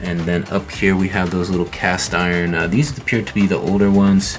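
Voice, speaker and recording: A man with a low, deep voice talks viewers through his resale finds in a relaxed, rambling way. He often pauses on fillers. Soft music sits faintly underneath. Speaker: online reseller. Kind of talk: casual show-and-tell vlog.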